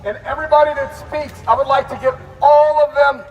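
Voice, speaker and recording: A man's voice: very high-pitched, steady tone, a little fast, highs cut off, a little hiss or hum. A man organizing a protest, speaking outdoors to a street crowd in an impassioned, profane, rallying way. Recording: roomy, distant street reverb.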